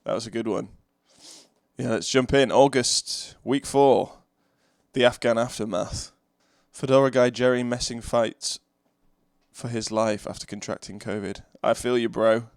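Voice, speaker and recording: A man hosting a loose, casual podcast, sounding a bit under the weather with a voice pushed deeper than usual. He rambles and reads headlines aloud in a middle-pitched voice. The sound is dry and close, with no room around it. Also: fairly even intonation, measured pace, no room sound. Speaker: podcast host.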